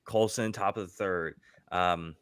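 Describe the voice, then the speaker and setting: A man co-hosting a podcast, chatting casually about football picks, relaxed and rambling with plenty of fillers. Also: low voice, measured pace, clear, resonant tone, no room sound. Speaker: podcast co-host. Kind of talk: casual sports chat.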